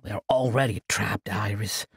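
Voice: mid-range voice, steady tone, moderate pace, vocal fry, husky, dry recording, clean studio sound, pitched below the performer's own voice. An earnest, pleading companion, as a man puts it on.

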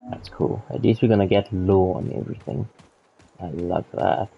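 A man's voice: sits low, steady tone, normal speed, vocal fry, breathy edge, highs cut off. A man streaming a video game, reacting casually, swearing now and then, and reading in-game text aloud. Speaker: gaming streamer. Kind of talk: let's play commentary.

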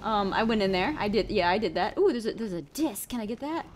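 A woman hosting a casual gameplay video, excitable and full of exclamations, sometimes spinning playful stories. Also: mid-range voice, quick pace, a little hiss or hum. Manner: playful storytelling. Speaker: gaming video host.

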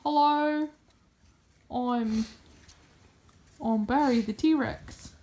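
A woman's voice: on the high side, drawn-out words, warm tone. A woman voicing a goofy half-built toy T-Rex that is cheeky, boastful and indignant. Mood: silly. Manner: bouncy, silly and indignant.

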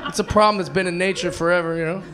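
Brash high-voiced male stand-up comic. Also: steady tone, racing. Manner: brash, swinging between shouting punchlines and muttering asides. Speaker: stand-up comedian. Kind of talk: live stand-up comedy. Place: comedy club stage with a laughing audience. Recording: live club recording with audience noise.

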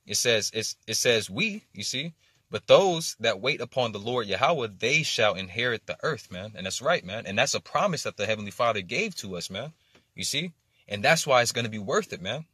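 A man's voice: medium pitch, pushed and bright, husky, dry recording. A man teaching from scripture in an informal, rambling way, ending nearly every phrase with "man" or "you see" and stumbling over repeated words and fillers. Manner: swears casually in teaching. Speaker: street preacher.

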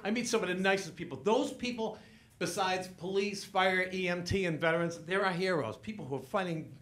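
Older man, stand-up comic, high voice, bright tone, animated storytelling on stage. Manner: animated storytelling, acts out family members in quick back-and-forth. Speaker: stand-up comedian. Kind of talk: stand-up comedy set. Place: comedy stage.

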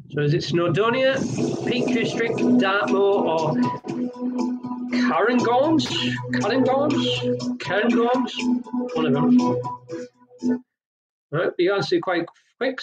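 A man running a pub quiz over a stream, full of chatty, jokey asides as he reads out answers. His voice sits high for a man, and the audio comes through dull and lo-fi. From Wales. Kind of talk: online pub quiz hosting.

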